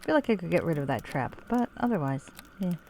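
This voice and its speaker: A woman's voice: on the low side, lively intonation, fairly quick, a little mellow, slight background noise. A woman streamer casually chatting while playing, sweary and self-mocking, with faint game music behind her. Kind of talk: casual gameplay commentary.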